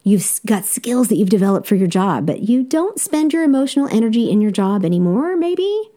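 Her mellow voice is on the high side with big pitch swings, and she speaks a little fast. She's a Southern-accented life coach hosting a solo podcast, laughing easily as she encourages listeners directly.

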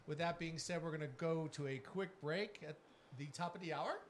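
A man hosting a loose, joking call-in show with lots of fillers. His voice sits a bit high, and there is faint background noise. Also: fairly even intonation, fairly quick, a bit bright. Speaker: radio show host. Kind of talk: casual radio chat.

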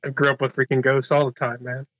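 A man's voice: mid-range voice, little pitch movement, fast, a bit bright, no room sound, muffled recording. A man in casual chat, earnest and agreeable, often restarting his sentences. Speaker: paranormal investigator.

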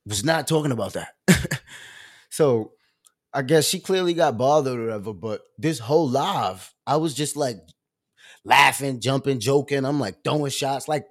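A man hosting his show, telling a story in a casual rant with passion and conviction, full of slang and fillers. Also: medium pitch. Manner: passionate, emphatic, conversational; loose slangy speech with many fillers. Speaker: show host.

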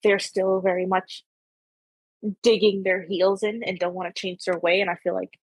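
A woman's voice: fairly low pitch, flat delivery, moderate pace, no room sound, poor audio. A young woman with a Canadian accent from Ontario, hosting a podcast in casual chat, rambling with many fillers. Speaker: podcast host.

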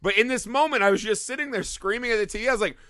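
Male podcast co-host, high-ish bright voice, profane comic movie rant, dry close mic. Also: racing, no echo. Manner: profane, animated, acts out characters' lines. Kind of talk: casual comedic movie review chat.

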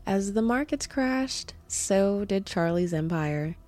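A woman's voice: medium pitch, animated, takes it slowly, a little mellow, soft background music. A woman hosting a podcast, narrating a true-crime story from a script with wry asides. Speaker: podcast host.

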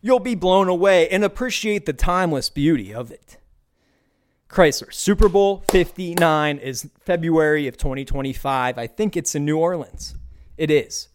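A young American man in his twenties hosting a podcast, ranting in a casual, comedic monologue, animated and profane with quick bursts of enthusiasm. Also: on the high side, clean tone. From United States. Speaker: podcast host.

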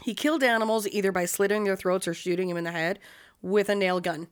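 A woman's voice: mid-range voice, fairly even intonation, quick pace, clear, resonant tone. A woman hosting a podcast, telling a true-crime story in a casual, profane, blunt way.

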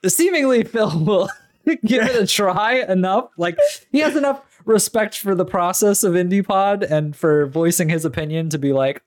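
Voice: mid-range voice, moderate pace. A podcast co-host chatting casually and making wry, teasing asides.

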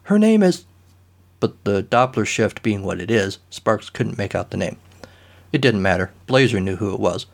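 A man narrating a comic story in a dry, deadpan manner. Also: on the low side, moderate pace, creaky.

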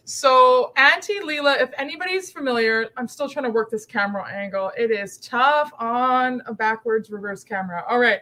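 Woman podcast guest, higher-pitched, chatty and animated, quick bursts. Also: poor audio. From Canada. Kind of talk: casual chat.

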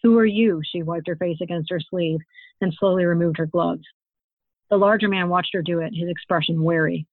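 A woman author reading her own fantasy novel aloud in a steady, expressive storytelling manner. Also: on the low side, normal speed, no echo. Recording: tinny phone-like, dry sound.

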